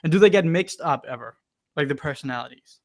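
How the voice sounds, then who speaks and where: A male host asking long questions on a live stream, halting and full of fillers. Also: on the high side, animated.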